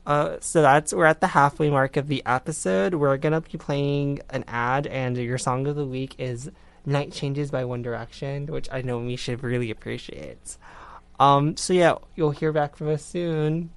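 A woman's voice: extremely low pitch, moderate pace. A young woman co-hosting a casual student radio show, rambling with lots of fillers and giggles. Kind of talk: casual scripted radio chat.

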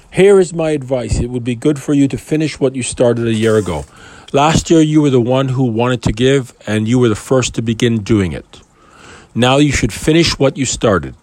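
Man, mid pitch, dry close sound, loose chatty Bible commentary that wanders and restarts. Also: darkish tone, no echo. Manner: rambling, conversational, restarts and asides. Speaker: Bible teacher. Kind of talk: casual Bible commentary with scripture reading.

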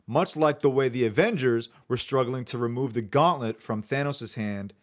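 A man's voice: medium pitch, moderate pace. A man hosting a casual podcast, running through his notes in a chatty way with fillers. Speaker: podcast host.

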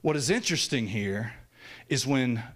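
A man's voice: animated, normal speed. Man preaching with dramatic swings. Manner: dramatic, swinging from loud raised peaks to hushed low lines. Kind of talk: sermon.

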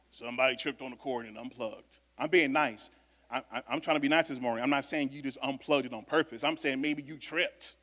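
A man preaching a sermon to a congregation, talking conversationally, with loud bursts of emphasis and quiet asides. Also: a little high. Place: church sanctuary. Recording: long reverb of a church hall.

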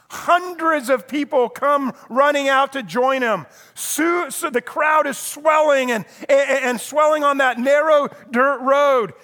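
A man's voice: very high voice, bright, forceful tone. A middle-aged man preaching a sermon as a pastor, telling the story vividly and acting out the voices of the crowd.

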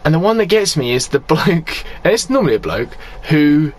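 A man chatting casually as a podcast co-host, animated and swearing, laughing often. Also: on the high side, normal speed.

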